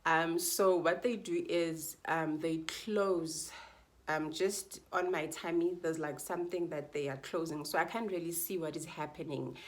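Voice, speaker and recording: A woman's voice: low voice, steady tone, a little slow, a little hiss or hum. A young woman vlogger telling her birth story to camera in a chatty, heartfelt way, repeating phrases for emphasis. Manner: chatty and heartfelt, often addresses viewers as guys.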